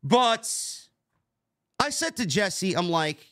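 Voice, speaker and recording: A man with a Bronx New York accent riffs through a casual wrestling review. His voice sits high and swings widely in pitch, sarcastic and profane as he goes. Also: very animated, normal speed, a bit bright. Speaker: podcast co-host.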